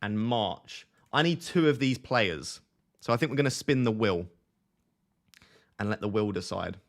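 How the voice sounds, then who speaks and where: A man's voice: lowish voice, expressive, unhurried. A young man chatting casually on a live stream, joking and laughing at himself as he talks to his viewers. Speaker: fantasy football streamer.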